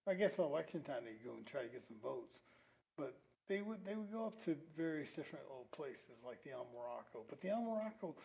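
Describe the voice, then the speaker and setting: A man's voice: on the high side, big pitch swings, fast, gravelly, dark tone, poor audio. A man hosting a local-history talk show, rambling a little with fillers and restarts. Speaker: host. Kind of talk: casual local-history chat.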